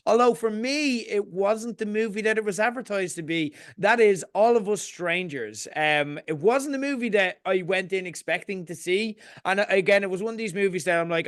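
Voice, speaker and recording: Higher-voiced man reviewing films, dry sound. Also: moderate pace, few pauses, no echo. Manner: laughs readily, earnest and thoughtful in reviews. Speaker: podcast co-host. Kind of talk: casual film review chat.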